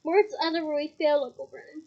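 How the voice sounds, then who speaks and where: A woman's voice: sits high, fairly quick, dull audio. A woman reading a novel aloud, voicing the characters and stopping for chatty, giggly asides. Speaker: reader.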